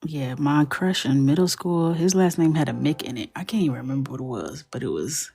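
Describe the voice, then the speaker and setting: A woman hosting a coloring livestream, chatting and joking casually as she works, often dropping into a soft murmur. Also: low-pitched, lively intonation, brisk, vocal fry. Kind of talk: casual chat while coloring.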